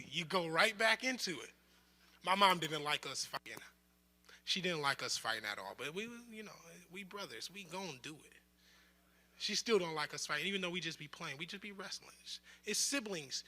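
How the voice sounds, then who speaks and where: A man's voice: high-pitched, normal speed. A young man teaching a bible study group in a casual, joking way, acting out quotes as he goes. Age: young adult. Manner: conversational, joking, with lively asides and acted-out quotes. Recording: roomy hall with long reverb.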